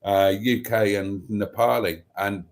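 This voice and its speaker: A man's voice: lowish voice, fairly even intonation, unhurried. An older Welsh man hosting a casual live stream, theatrical and chatty, calling his viewers darlings. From Wales. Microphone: microphone and tablet.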